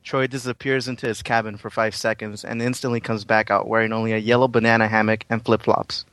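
A narrator slowly reading the stage directions of a hobby audio drama. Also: medium pitch, flat delivery, fairly bright tone, clean tone, dry recording.

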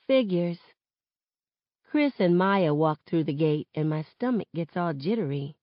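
A woman reading a novel aloud in steady first-person narration, on a dull lo-fi recording. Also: lowish voice, a little slow, no echo. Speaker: reader.

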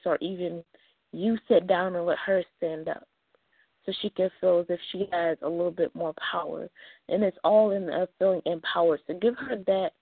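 Gravelly lower-voiced woman hosting a radio talk show, calm earnest advice, tinny phone sound. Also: dry recording. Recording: tinny phone-like line, dry.

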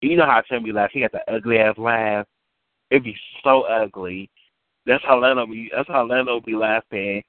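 A man's voice: fairly low pitch, steady tone, normal speed, no echo. Rambling, cursing man on a tinny line. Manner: rambling, profane, repeats himself. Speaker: caller on a community call. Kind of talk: casual storytelling chat. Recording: tinny phone-like line, dry.

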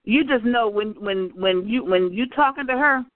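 A woman co-hosting a casual chat, telling animated workplace stories and acting out what people said. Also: on the high side, moderate pace, no echo. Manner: animated storyteller, acts out quotes. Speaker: podcast co-host. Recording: tinny phone-line audio.

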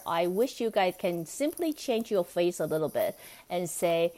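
Woman doing a solo self-help podcast, kinda low voice, chatty, laughs a lot and keeps asking right?. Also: measured pace, a little mellow. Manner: chatty and coaxing, often asks "right?"; laughs between thoughts. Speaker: podcast host.

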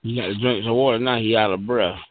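A man's voice: lowish voice, steady tone, fast. Mocking man over a phone line. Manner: mocking, trash-talking. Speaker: chat line caller. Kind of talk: heated phone argument.

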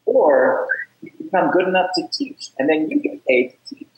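A man's voice: a little high, sing-song, normal speed, reverberant, low-quality recording. A man telling stories as a guest on a casual interview show. He talks with energy and repeats words as he starts sentences. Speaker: podcast guest, startup founder. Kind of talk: casual interview talk, storytelling.

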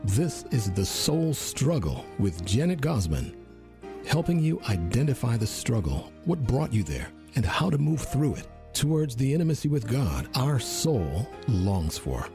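A man's voice: mid-range voice, very animated, measured pace. Male announcer over music. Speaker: program announcer. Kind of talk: scripted show introduction.

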